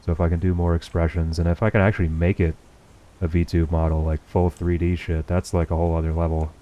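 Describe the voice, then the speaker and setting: A man's voice: sits low, level tone, fast talker, mellow, dull audio. A young man streaming gameplay, chatting casually with viewers in a profane, sarcastic running commentary. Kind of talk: casual livestream gameplay chat.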